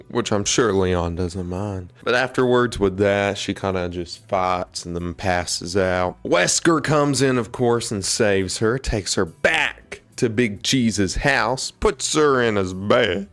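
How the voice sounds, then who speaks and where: A man's voice: low-pitched, fairly bright tone. A man giving casual, joking commentary on a video game, talking in a chatty, informal way. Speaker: video essay creator.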